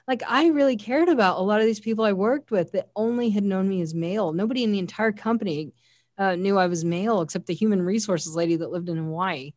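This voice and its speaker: A woman's voice: mid-range voice, quick pace, a little mellow, dry recording. A woman giving an earnest, heartfelt faith testimony as an interview guest, often quoting scripture. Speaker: guest sharing a personal testimony.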